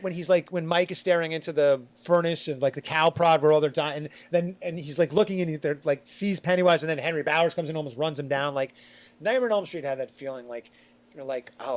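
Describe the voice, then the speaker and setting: A middle-aged man from Long Island, New York, with a fairly high voice, tells stories in a casual chat as a podcast panelist. He's animated and acts out quotes with big swings in pitch and loudness.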